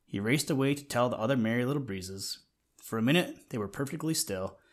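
A man reading a children's storybook aloud in a gentle way, talking to the listener now and then. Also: medium pitch, expressive, fairly quick. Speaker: narrator.

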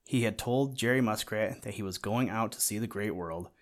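A man narrates a children's animal storybook in a lowish voice. He reads gently and now and then turns aside to address the listener directly. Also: moderate pace.

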